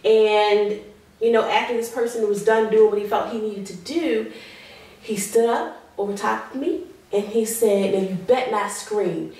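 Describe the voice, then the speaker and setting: A woman's voice: a little high, darkish tone. Earnest woman telling her story in an echoey room. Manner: earnest, slows down on heavy moments, acts out quoted pleas. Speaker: guest sharing her survival story. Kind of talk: emotional personal testimony. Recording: very echoey room, voice far from mic.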